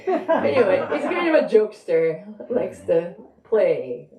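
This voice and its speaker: A woman's voice: medium pitch, sing-song, measured pace, crowd noise. A woman author speaking conversationally and reading from her novel at a live bookstore event. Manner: conversational, thinking aloud. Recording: roomy echo.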